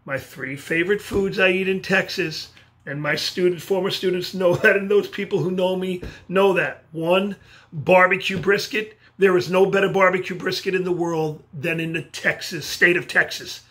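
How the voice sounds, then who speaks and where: Animated New man giving a pep talk. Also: high voice, moderate pace. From New York. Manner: animated, gestures while talking. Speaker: motivational speaker. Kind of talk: motivational speech by video. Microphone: video camera.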